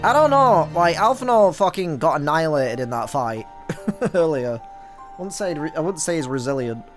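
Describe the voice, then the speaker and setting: Young male let's-play host, casual and profane, higher lively voice, game music behind. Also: moderate pace. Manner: casual, swears often, laughs, reads game text aloud. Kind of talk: casual gameplay commentary. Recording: game audio mixed under voice.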